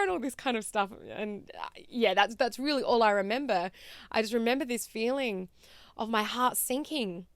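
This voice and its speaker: A woman in her thirties with an Australian accent, hosting a podcast and telling a personal story in a chatty, animated way with fillers. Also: medium pitch, no echo. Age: 30s. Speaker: podcast host.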